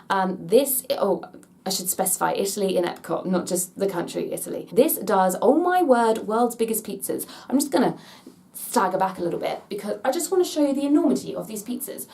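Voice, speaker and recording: Gushing English woman with a gravelly edge. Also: mid-range voice, mellow. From England. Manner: chatty and gushing, thinks aloud. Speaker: theme park vlogger. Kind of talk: casual Q&A vlog.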